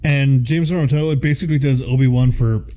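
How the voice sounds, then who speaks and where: A man's voice: medium pitch, fairly even intonation, a little fast, warm tone. A man with a Midwestern American accent, co-hosting a casual podcast chat, rambling and enthusiastic with lots of fillers. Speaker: podcast co-host.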